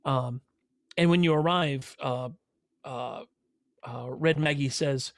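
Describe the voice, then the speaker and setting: A man's voice: mid-range voice, slow, pauses often, no echo, studio quality. A man narrating a tabletop role-playing game as game master, telling the scene in a rambling way with many fillers. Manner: rambling, filler-heavy storytelling.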